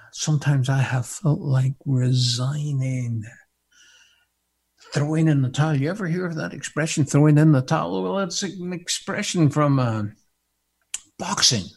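Older man, preacher, lively sermon, raised pitch, playful questions. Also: measured pace, vocal fry, breathy edge. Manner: animated storytelling with humor and rhetorical questions.

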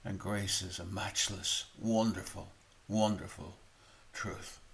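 A man's voice: low-pitched, steady tone, slow, vocal fry, fairly bright tone. A man preaching a sermon, telling a story and repeating key phrases for emphasis.

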